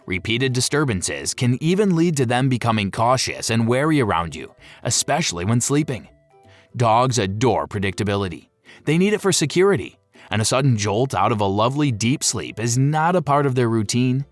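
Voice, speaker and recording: A man giving scripted narration for a pet-care video, playful and fond of jokey asides. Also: medium pitch.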